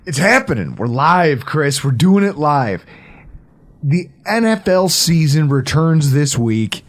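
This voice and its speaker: A man in his thirties hosting a casual sports podcast, excitable and swearing freely, often laughing. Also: on the high side, slow pace. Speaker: podcast host.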